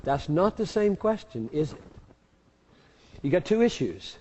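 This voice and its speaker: A man's voice: a little high, big pitch swings, unhurried, a little mellow, big-room sound, muffled recording, a little hiss or hum. A man answering audience questions as a pastor, speaking emphatically and repeating key words for force. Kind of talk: live Q&A teaching.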